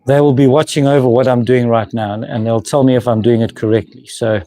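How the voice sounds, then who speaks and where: A man's voice: mid-range voice, steady tone, brisk, dark tone, soft background music. A man hosting a woodworking live stream, chatting casually with viewers, laughing often and restarting his sentences. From South Africa. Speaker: woodworking channel host. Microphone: camera mic, moving handheld camera.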